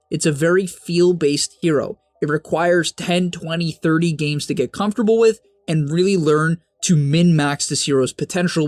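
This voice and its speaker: A young man hosting a game strategy guide, talking fast and emphatically with sudden high-pitched bursts, on a close mic. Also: no echo. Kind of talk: energetic strategy guide narration.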